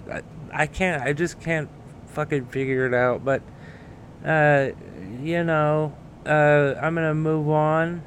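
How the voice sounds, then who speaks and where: A man talks through his solo podcast in a slow, halting way, full of filler sounds and restarts. He swears casually, and his voice sits at a middle pitch. A faint background noise runs underneath. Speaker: podcast host.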